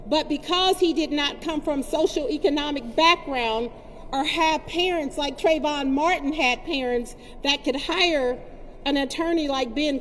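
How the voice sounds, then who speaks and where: A high-voiced woman delivers a forceful, indignant speech to a gathered crowd, pressing her points through repetition. Her voice rings with a long reverb, and faint noise sits underneath. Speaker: community advocate speaking at a press conference. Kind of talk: impassioned public speech.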